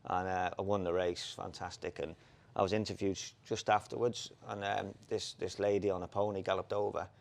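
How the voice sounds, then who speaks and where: Ex-jockey co-host, low gravelly voice, spins animated stories from the road. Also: male voice, a little fast. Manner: animated anecdotes, laughs, quotes people in put-on voices. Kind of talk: casual storytelling chat.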